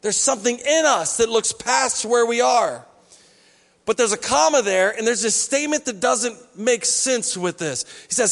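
A male pastor with a very high, expressive, slightly bright voice preaches at a moderate pace in a church hall. His sermon is conversational, and he acts out the voices of the people he quotes.

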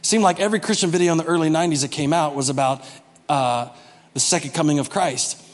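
A man preaching with a high, lively voice, chatting with the congregation and acting out the quotes. The sound rings with long reverb from a big church hall. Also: fast talker. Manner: animated, conversational preaching with acted-out quotes. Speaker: pastor. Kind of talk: sermon.

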